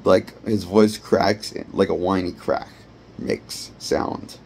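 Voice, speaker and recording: A man's voice: deep voice, slow, creaky, a little mellow, a little hiss or hum. A man giving a rambling, blunt and profane movie review. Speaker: movie critic. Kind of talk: ranting film review.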